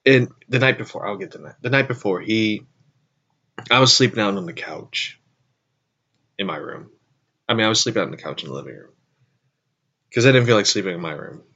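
A man hosting his own show tells a rambling story in a fairly low, gravelly, sharp voice, animated and a little fast, pausing often. He corrects himself as he goes and makes frequent asides, and the audio has its highs cut off.

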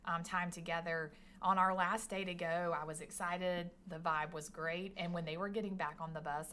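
A woman's voice: fairly low pitch, a bit bright, slight background noise. A woman teacher talking about her career tech classes in a chatty, enthusiastic podcast conversation. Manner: chatty and enthusiastic, many restarts.

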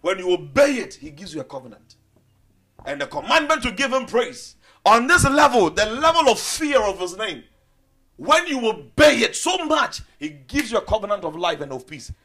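A man preaching a sermon with passion, swinging between loud declarations and hushed low asides. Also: very animated, moderate pace, slightly rough.

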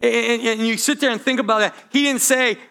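A man's voice: very high voice, fairly even intonation, fairly quick, gravelly, sharp tone, smooth. A man preaching a sermon in a church, talking straight to the congregation with asides and restarts. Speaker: pastor.

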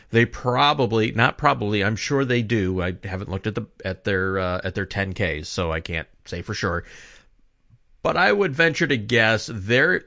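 A man's voice: medium pitch, fairly bright tone, dry recording, clean studio sound. A man giving a casual opinion monologue, rambling and often correcting himself as he talks. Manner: rambling, self-correcting, conversational. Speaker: commentator.

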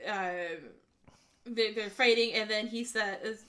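A woman co-hosting a podcast, casually retelling a film scene by scene with lively quoted lines and laughter. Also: mid-range voice, slow pace. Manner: animated retelling, acting out lines, frequent laughs. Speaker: podcast co-host. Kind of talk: casual movie recap chat.

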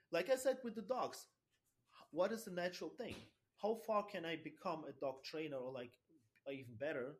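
A man with a German accent, a podcast guest talking about his dog training, speaking in animated, halting non-native English with frequent restarts and swearing. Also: sits high. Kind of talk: casual interview chat.

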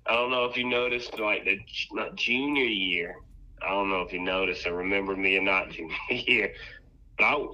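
A man's voice: fairly low pitch, moderate pace, sharp tone. A man in casual chat, laid-back and easygoing, mostly giving short agreeing replies. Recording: dull lo-fi sound.

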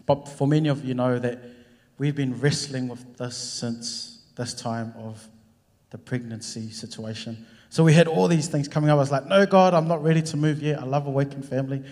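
A man's voice: mid-range voice, normal speed. A young man casually sharing a testimony from the front of a church, acting out conversations as he tells them. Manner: storytelling, acting out conversations with lively voices. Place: church hall. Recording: long hall reverb.

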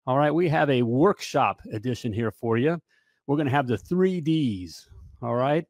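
A man's voice: medium pitch, expressive, normal speed, a little mellow, no echo, studio quality. A man in his fifties hosting a live talk show, talking with pumped-up energy and constant "hey" and "all right" asides.

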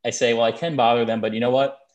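A man's voice: medium pitch, flat delivery, fast. A man co-hosting a podcast, chatting casually and telling rambling stories with frequent restarts. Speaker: podcast co-host.

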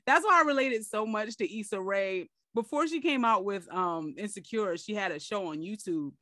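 A woman hosting a podcast, telling embarrassing stories in an animated, self-deprecating way. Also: medium pitch, moderate pace, no room sound, studio quality. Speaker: podcast host. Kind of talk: casual chat.

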